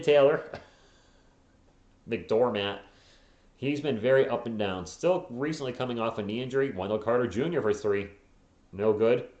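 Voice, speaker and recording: A hoarse man hosting a live fan play-by-play stream, calling plays quickly and tossing in joking asides and replies to viewers. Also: mid-range voice, echoey room, dull audio. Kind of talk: casual live play-by-play commentary.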